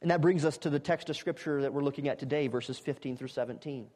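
A man's voice: on the high side, fast. Man, preacher, expository sermon, emphatic, repetitive build-ups, church sanctuary, long hall reverb. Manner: emphatic, repeats phrases and builds to loud climaxes.

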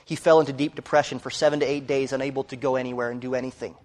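A man preaching a sermon, telling a story earnestly and rising to loud emphasis. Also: medium pitch, little pitch movement, rapid-fire, in a large hall.

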